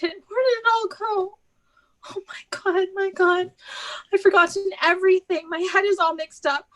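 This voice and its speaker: A woman playing a high-voiced young woman in despair. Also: fairly bright tone, low-quality recording. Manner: anguished, tearful pleading. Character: despairing young woman, nearly 24, weary of her dull job. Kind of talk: stage drama acting.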